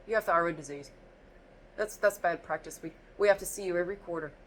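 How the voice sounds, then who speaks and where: A woman's voice: lowish voice, fast talker, a bit bright, slight background noise, lightly acted. A woman mimicking a condescending female doctor who talks down in curt, repetitive phrases. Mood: dismissive.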